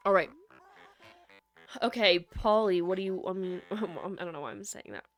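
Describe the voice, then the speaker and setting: In a lowish voice at normal speed, a young Midwestern woman chats casually while streaming a game, her rambling sentences stuffed with "like." She uses a USB microphone, and soft lofi music plays underneath.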